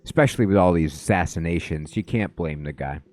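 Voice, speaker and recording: Chatty low-voiced man streaming a game. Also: brisk, a little mellow. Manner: chatty, greets viewers mid-sentence, rambling asides. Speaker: let's play streamer. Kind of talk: casual live game commentary.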